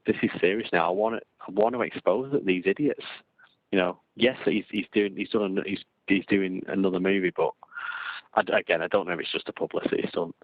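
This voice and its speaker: An English man with a low voice co-hosts a podcast-style live-stream chat, rambling, repeating words and often restarting his sentences. The recording is dry and tinny, like a phone.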